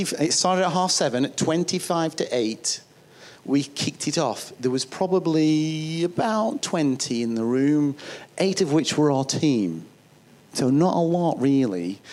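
A man's voice: fairly high pitch, expressive, a little slow, darkish tone. A man with a northern English accent, preaching a sermon in a chatty, storytelling way that often restarts phrases. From northern England. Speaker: pastor.

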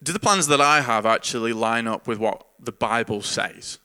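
A man's voice: mid-range voice, moderate pace, bright, forceful tone, smooth. A man who is a pastor, giving an earnest, informal sermon with frequent repeated words and chuckles. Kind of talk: conversational sermon.

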